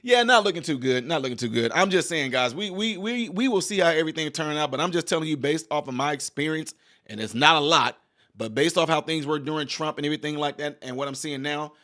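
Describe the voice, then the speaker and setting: A man in a casual commentary vlog who talks quickly and with animation. His voice sits a little high, and he speaks straight to his viewers. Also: sharp tone. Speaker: video commentator.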